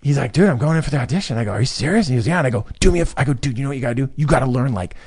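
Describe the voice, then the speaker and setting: A Californian comedian spins a long, casual story on a podcast, his mid-range voice rapid-fire with a breathy edge. He's animated, swears freely, and acts out the lines of his quoted friends.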